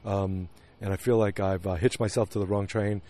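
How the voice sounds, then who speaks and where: A man putting on the voice of a weary, deflated middle-aged husband, speaking low and haltingly, recorded on a handheld recorder outdoors beside woods. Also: little pitch movement, warm tone, natural voice. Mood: glum.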